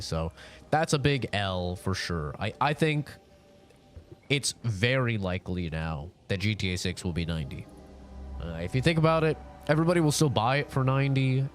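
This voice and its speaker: A sick young man with a nasal voice, chatting casually with his live-stream audience in a rambling, laid-back way. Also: fairly low pitch.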